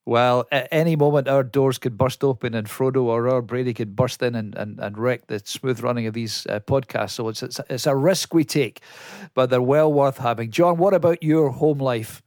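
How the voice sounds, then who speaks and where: A man's voice: medium pitch, fairly even intonation, moderate pace, a little mellow, no echo, studio quality. A man hosting a podcast, chatting with guests in a friendly, lightly humorous way. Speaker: podcast host. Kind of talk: casual interview chat.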